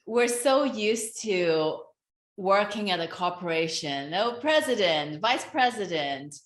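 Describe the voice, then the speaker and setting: Slow, earnest woman in a roomy space. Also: medium pitch, animated. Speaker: guest speaker. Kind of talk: reflective self-help talk. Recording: roomy echo.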